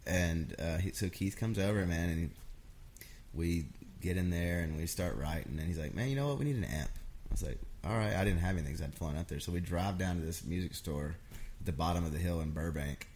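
A man's voice: low-pitched, a little fast, slight background noise. A man, a songwriter, telling stories in a casual chat and acting out what others said. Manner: animated, acts out quotes of others. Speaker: songwriter guest. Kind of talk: casual storytelling.

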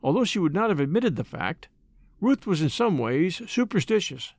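A man narrating an audiobook in an expressive, deliberate way. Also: high voice, no room sound. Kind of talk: dramatic audiobook reading.

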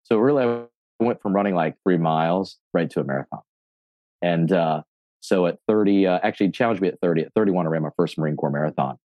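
A man in his forties, a gym owner and fitness coach, telling his story in a podcast interview, animated and casually profane, acting out what people said. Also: sits low, fast, no room sound, highs cut off. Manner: animated storyteller, acts out quotes, swears casually.

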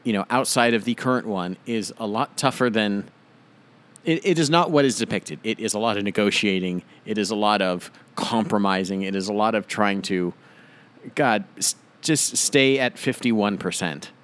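Lower-voiced man riffing on a podcast. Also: moderate pace, a bit bright. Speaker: podcast co-host. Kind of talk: casual chat.

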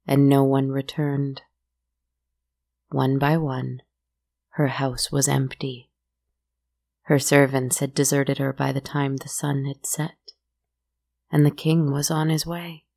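A woman telling a dark fairy tale in a slow, measured and hushed way. Her voice is low, mellow and heavily gravelly, with little rise and fall. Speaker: storyteller.

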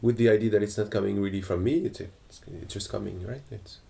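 A man with a gravelly, creaky voice on the lower side puts questions to a teacher. He speaks hesitantly, searching for words and restarting often. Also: fairly even intonation, quick pace, mellow. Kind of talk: spiritual dialogue.

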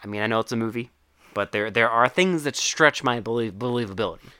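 A man's voice: medium pitch, quick pace, bright, forceful tone, smooth, no echo, clean studio sound. A man co-hosting a casual movie-recap podcast, wry and profane, quoting characters and his own reactions. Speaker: podcast co-host.

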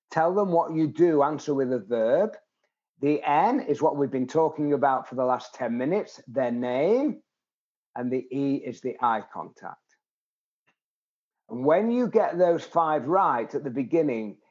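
A man's voice: medium pitch, a little mellow, muffled recording. A man in his seventies, a guest in an interview, who tells stories with animation and acts out the people he quotes. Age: 70s. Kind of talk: interview conversation.

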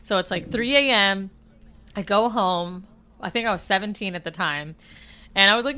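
Bright-voiced blunt woman. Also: mid-range voice, expressive, brisk. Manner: blunt, crude storytelling. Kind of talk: casual podcast chat.

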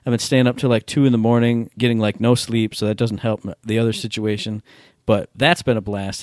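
A man's voice: lowish voice, darkish tone, no echo, clean studio sound. A man co-hosting a podcast over a Skype call, talking casually in a laid-back, rambling, self-deprecating way. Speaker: podcast co-host. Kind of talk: casual chat.

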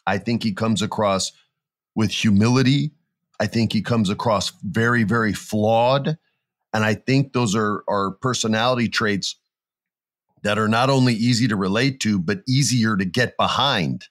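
A man with a fairly low voice talks casually, swinging into animated bits where he acts out what people said. He tells stories with energy and a chatty rhythm. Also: moderate pace, dry recording. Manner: animated storyteller, acts out quotes in jumpy voices. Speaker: podcast co-host. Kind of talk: casual chat.

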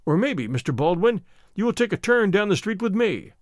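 A man's voice: high-pitched, sing-song, a little fast, no echo, studio quality, pitched above the performer's own voice. A man reading a story aloud, voicing a bold, defiant young man who protects the woman he loves.

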